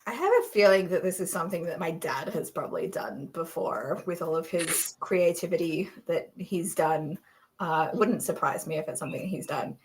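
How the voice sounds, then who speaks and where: A woman's voice: lowish voice, normal speed, slight background noise. An American woman in her thirties hosting a casual chat, giggly and rambling, often self-conscious. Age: 30s. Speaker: podcast host.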